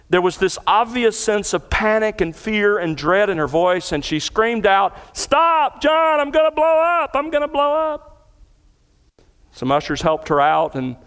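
A man's voice: fairly high pitch, a bit bright. A middle-aged man preaching an expository sermon as a pastor, earnest and emphatic as he explains scripture verse by verse. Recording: long hall reverb.

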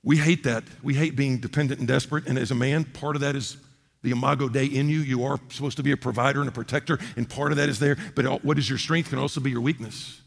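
A man preaching a sermon as a pastor, impassioned and swinging from loud to hushed. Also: medium pitch, fairly even intonation, fast talker, vocal fry, big-room sound.

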